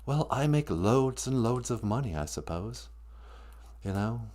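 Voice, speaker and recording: A man voicing a male monster who drops the act to speak in a refined, halting, world-weary way. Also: mid-range voice, expressive, a little mellow, lightly acted.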